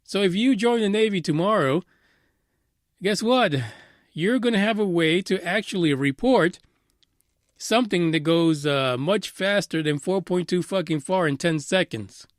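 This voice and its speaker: A man's voice: high voice, measured pace, dry recording, studio quality. A man hosting a casual radio news commentary show, ranting sarcastically with plenty of swearing and frequent "uh" fillers.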